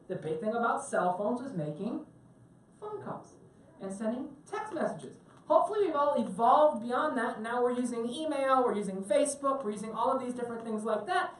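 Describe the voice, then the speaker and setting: A woman's voice: sits high, slight background noise. A woman teaching a tech class to a live audience on a cruise ship, chatty and joking and asking the room questions. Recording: very echoey room, mic at a distance.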